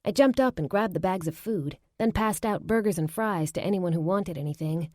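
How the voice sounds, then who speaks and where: A woman's voice: lowish voice, moderate pace, a little mellow, no echo, clean studio sound. Woman narrating a romance audiobook. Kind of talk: first-person audiobook narration.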